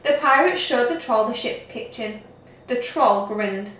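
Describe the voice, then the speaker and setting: A woman teacher reading a story aloud to young children, slowly and expressively. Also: a little high, reverberant, slight background noise. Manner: slow, expressive read-aloud. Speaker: reception teacher.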